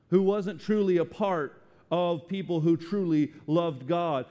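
A male pastor preaching in his church, his voice pitched high for a man. He talks with urgent emphasis, doubling back on words and restarting lines to drive home a point. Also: darkish tone. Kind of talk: sermon. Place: church with rain outside.

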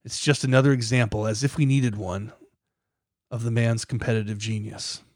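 A man's voice: mid-range voice, level tone, normal speed, darkish tone, dry recording, clean studio sound. A man hosting a podcast, reading scripted documentary narration with a dramatic, building emphasis. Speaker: podcast host.

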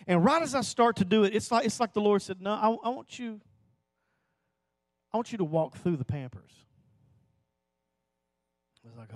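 A man preaching a sermon to a church audience, telling a personal story that swells into impassioned pleading and drops to hushed, slow emphasis. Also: sits high, lively intonation, no echo. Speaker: pastor.

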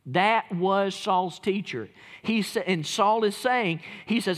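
A man preaching a sermon, impassioned and shouting at his peaks. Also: high voice, animated, moderate pace, big-room sound. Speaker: pastor. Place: church sanctuary.

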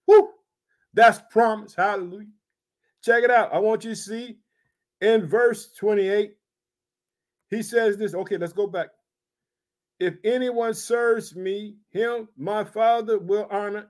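A fervent man preaching. His voice sits high for a man. He reads a verse, then presses it home with eager asides and calls of praise. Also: a little slow. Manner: fervent, repeats verses, exclaims "hallelujah" and "check it out". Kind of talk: sermon, reading and expounding scripture.

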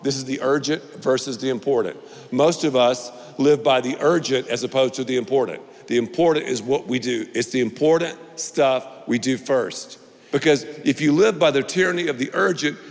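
Man, pastor, sermon, emphatic, repeats key lines, playful, long hall echo. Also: on the high side. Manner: emphatic, repetitive preaching with playful asides.

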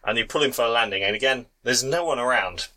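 Male game master, bright tone, casual narration, faint hiss. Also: mid-range voice, fast, rough recording.

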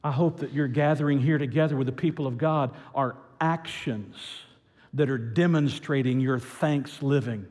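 A man's voice: medium pitch, moderate pace, big-room sound. Preacher man, voice ringing through the church. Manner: swings between loud excitement and quiet earnestness. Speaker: pastor. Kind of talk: sermon.

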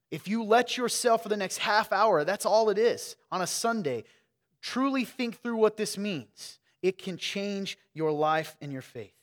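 A man preaching a sermon in a church, talking conversationally and swinging between quiet asides and loud emphatic stretches. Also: a little high, big-room sound. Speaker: pastor. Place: church sanctuary.

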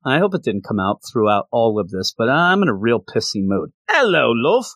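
A man's voice: fairly low pitch, big pitch swings, fairly quick, fairly bright tone, no echo. A man hosting a podcast, rambling in a casual, self-deprecating and jokey way on a close mic. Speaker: podcast host. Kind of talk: casual chat.

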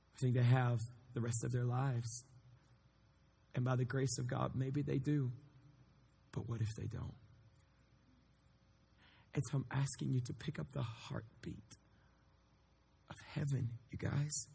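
A man's voice: medium pitch, measured pace, creaky, pauses often, breathy edge. Earnest male youth pastor preaching. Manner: earnest, conversational, rising to excited calls to the crowd. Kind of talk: sermon to a youth group.

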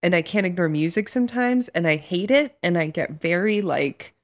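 A woman talking candidly in a casual conversation, her pitch swinging up and down as she goes. She is expressive and quick to slip into voices.

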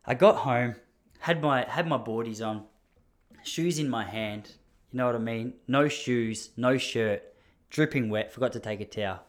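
A young Australian man telling a story in a casual, mock-indignant monologue. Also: unhurried. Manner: animated, mock-indignant, jumps up high when acting out others.

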